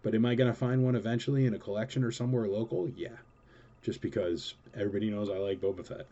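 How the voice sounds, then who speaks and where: A man chats casually as a show host, working through viewer questions in a rambling, enthusiastic way. His voice is mellow and relaxed. The recording sounds slightly dull and lo-fi. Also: on the low side, fast talker. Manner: rambling and enthusiastic, with many fillers. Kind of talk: casual chatty Q&A.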